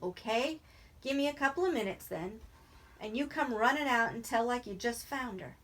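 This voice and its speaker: A woman's voice: a little high, expressive, moderate pace, fairly bright tone. A woman reading aloud as a worried male ranch worker who talks urgently and pleads.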